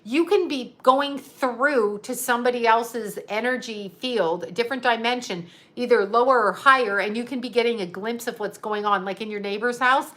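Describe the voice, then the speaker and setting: Chatty psychic lady rambling on a live stream, bright voice, kinda high. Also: normal speed, hardly any pauses. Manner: rambling, chatty, laughs often, reads viewer comments aloud. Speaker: psychic medium. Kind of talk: casual livestream chat.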